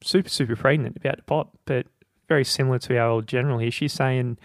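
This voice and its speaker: A man co-hosting a podcast, talking through a book's ideas in a relaxed, conversational way. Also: medium pitch, fast, no echo, studio quality. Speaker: podcast co-host. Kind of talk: casual book discussion.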